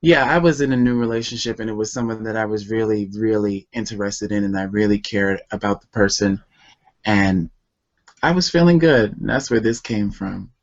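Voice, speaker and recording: A man, a poet and author, reading his poems aloud in a slow, deliberate and emotional way, then talking casually about them. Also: fairly low pitch, lo-fi sound. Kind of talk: slow poetry reading and chat.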